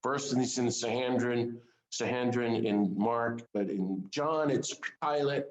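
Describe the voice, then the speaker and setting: A man preaches in an easy, conversational way, leaning on earnest questions put straight to his listeners. His voice sits at a middle pitch for a man. The sound carries a noticeable room echo. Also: fairly even intonation, unhurried. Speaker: speaker of a Lenten series. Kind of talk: informal sermon to a small group.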